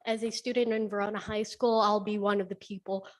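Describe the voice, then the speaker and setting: A woman's voice: mid-range voice, flat delivery, fairly quick. A teenage girl, out of breath, giving a hesitant public comment at a school board meeting. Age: teens. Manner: hesitant, apologetic, with fillers and restarts.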